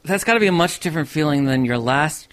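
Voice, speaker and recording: A man's voice: on the high side, expressive, quick pace, a bit bright. A man interviewing a guest and prompting him with short, encouraging questions. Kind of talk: casual interview.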